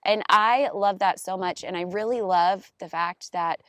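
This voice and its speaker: A woman's voice: medium pitch, a little slow, no room sound. A woman co-hosting a podcast, telling heartfelt stories in casual chat. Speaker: podcast co-host.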